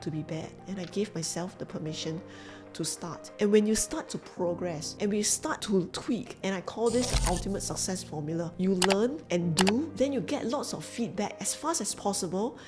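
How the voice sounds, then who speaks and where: A woman's voice: medium pitch, normal speed, music in the background. A woman with a Singaporean English accent telling her story as a business coach in an earnest, emphatic way, repeating key phrases. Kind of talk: motivational storytelling to camera.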